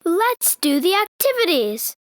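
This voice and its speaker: A woman reading activity answers for children, slow and careful. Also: very high voice, very animated, dry recording, studio quality. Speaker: lesson co-presenter answering activities.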